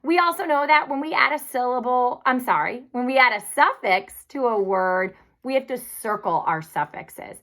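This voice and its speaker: A woman teacher guides young children through a recorded spelling lesson, speaking slowly and carefully and encouraging them throughout. Her voice is bright, clear, expressive, and pitched a little high.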